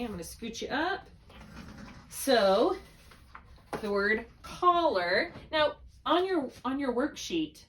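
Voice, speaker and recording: A woman's voice: mid-range voice, fairly bright tone, far from the mic, a little hiss or hum. Patient woman tutoring spelling. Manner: patient, explains step by step with check-in questions. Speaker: reading tutor. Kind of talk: one-on-one spelling lesson. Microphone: laptop mic, held while writing.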